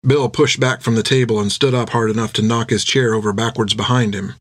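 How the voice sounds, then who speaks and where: A man narrating an adventure audiobook with steady storytelling. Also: on the low side, a little fast, dry recording.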